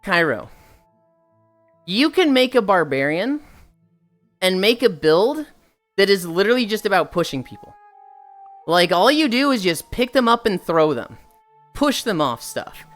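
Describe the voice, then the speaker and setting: A young woman streamer chatting casually with her viewers, telling stories in an animated, profane way. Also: mid-range voice, unhurried, pauses often, faint music behind.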